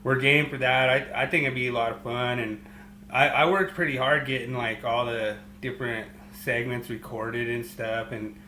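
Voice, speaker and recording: A man co-hosting a casual sports podcast, easygoing and agreeable, halting with fillers as he talks. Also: mid-range voice, fairly even intonation, sharp tone, reverberant, slight background noise. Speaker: podcast co-host. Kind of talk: casual chat.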